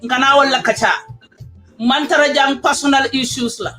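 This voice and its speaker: A Gambian-accented host runs a live-streamed talk show, hyping up the audience with repeated welcomes and switching between English and a local language. The voice sits high and rings bright and forceful, with faint music playing underneath. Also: fairly even intonation, normal speed.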